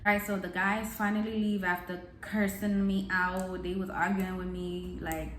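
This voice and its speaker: Young female vlogger, animated storyteller with street slang, recorded in an echoey room. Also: mid-range voice, measured pace, a little hiss or hum. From New York. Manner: animated, profane street slang, acts out shouted quotes. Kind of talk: storytime vlog.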